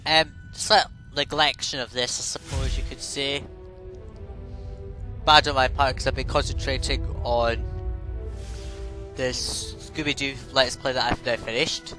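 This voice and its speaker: A man's voice: mid-range voice, steady tone, a little slow, pauses often, poor audio. A man casually rambling through game commentary, offhand and prone to swearing. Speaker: gaming let's play host. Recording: voice over game music.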